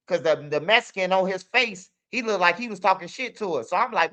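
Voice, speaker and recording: A man's voice: high-pitched, brisk, few pauses, bright, forceful tone. A young man telling street stories in a loose, casual monologue, tossing in "bro" a lot. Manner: streetwise, loose, peppers talk with "bro" and "you hear me". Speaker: channel host.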